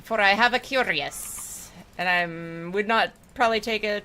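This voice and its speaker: A woman's voice: mid-range voice, unhurried, pushed and bright, a little hiss or hum. A woman streamer chatting casually with her viewers while she plays a game, rambling and affectionate. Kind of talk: casual chat while gaming.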